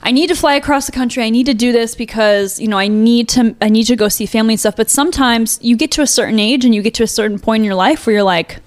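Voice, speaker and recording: A woman's voice: on the high side, fast talker, few pauses. A young adult woman co-hosting a podcast, chatting casually and telling stories with lots of fillers. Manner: chatty, storytelling with many fillers. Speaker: podcast co-host. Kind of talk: casual chat.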